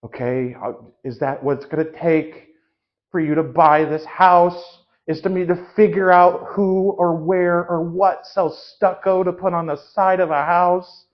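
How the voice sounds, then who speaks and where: A man's voice: high voice, little pitch movement, measured pace, dull audio. A man improvising an anxious, flustered house seller who rambles nervously and trips over his own sentences in a live comedy show. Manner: rambling, nervous, self-interrupting. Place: small theatre stage.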